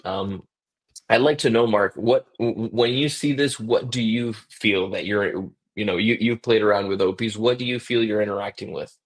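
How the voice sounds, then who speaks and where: A man's voice: on the low side, normal speed. A man on a business podcast explaining his company's survey tool, often restarting words and checking in with "right?". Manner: repeats words while explaining, asks "right?". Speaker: guest from a survey software company.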